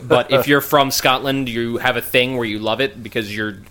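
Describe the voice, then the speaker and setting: A man with a bright, forceful voice trading casual podcast banter. He swears freely and delivers dry, sarcastic asides. His pitch is middle. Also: fairly even intonation, normal speed. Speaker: podcast co-host. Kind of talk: casual chat.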